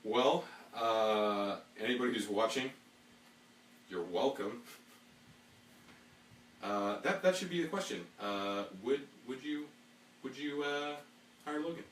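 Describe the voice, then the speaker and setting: A man's voice: medium pitch, animated, a bit bright. A man hosting a casual live-stream podcast, reading viewer comments and joking with his co-host. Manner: slides into a fast auctioneer patter as a joke. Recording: echoey room, mic at a distance, faint hum.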